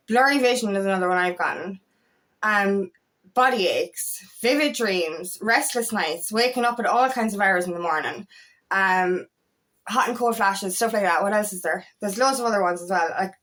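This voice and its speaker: A woman's voice: mid-range voice, normal speed, a bit bright. A young woman coaching on spiritual growth in a casual, rambling way, tired and emotional, with many restarts and repeated words. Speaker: feminine empowerment coach. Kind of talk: casual spiritual talk to camera.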